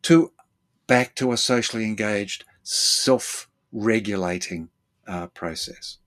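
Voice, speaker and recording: A man who works as a therapist, explaining his ideas in relaxed conversation. He often acts out other people's lines with sudden jumps in pitch and thinks aloud with fillers and repeated words. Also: slow pace. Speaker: therapist and guest.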